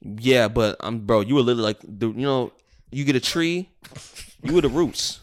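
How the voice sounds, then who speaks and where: Young man, podcast co-host, animated swearing storyteller, casual chat. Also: mid-range voice, moderate pace.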